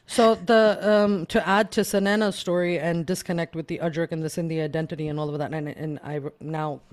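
A speaker raised in the United States, telling a story in a casual panel conversation and acting out the quoted dialogue with lively energy. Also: medium pitch, a little fast. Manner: animated storyteller who acts out quoted dialogue.

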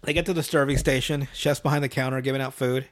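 A man's voice: medium pitch, fairly even intonation, fast talker. A man hosting a podcast, recapping a cartoon episode in a profane, rambling, laugh-filled casual style. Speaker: podcast host.

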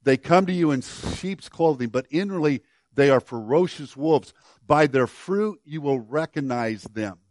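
A man's voice: a little high, animated, measured pace, darkish tone, no echo, clean studio sound. An older man preaching a sermon as pastor, telling a folksy story with many restarts and repeated words.

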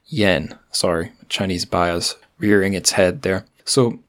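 A Scottish man hosting a podcast in an easygoing monologue, his voice sitting a little low. He rambles in a friendly way, trips over words and laughs off his own slips. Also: steady tone, slow. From Scotland. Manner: chatty, self-deprecating, with frequent restarts and asides. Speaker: podcast host.

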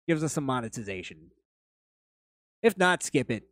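A man hosts a podcast in a very animated, fairly bright mid-range voice at a moderate pace, recorded dry with studio quality. He reads chat comments and tells rambling anecdotes, blunt and casual, swearing freely.

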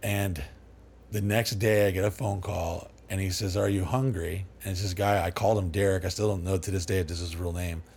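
A middle-aged man with a gravelly, husky voice tells his stories as a podcast guest. He swears freely and slips into the voices of the people he quotes. His delivery stays loose and animated throughout. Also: sits low, brisk. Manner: profane, animated, acts out quoted dialogue. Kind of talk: casual storytelling interview.

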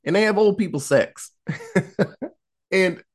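Male podcast host, chatty and animated, fairly high pitch, swears freely while retelling a horror plot. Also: slow pace. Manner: animated storytelling, acting out quotes, laughing, profane. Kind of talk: casual chat.

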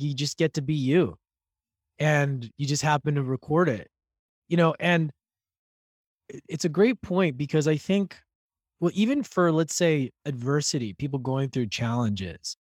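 A man's voice: a little high, expressive, a little slow, dry recording, clean studio sound. Reflective man hosting a podcast. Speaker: podcast host. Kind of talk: casual conversation.

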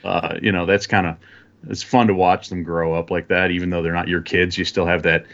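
A man talking as a guest in a relaxed, rambling way with many fillers. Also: sits low, a little fast, gravelly, lo-fi sound. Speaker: guest photographer. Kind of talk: casual interview chat.

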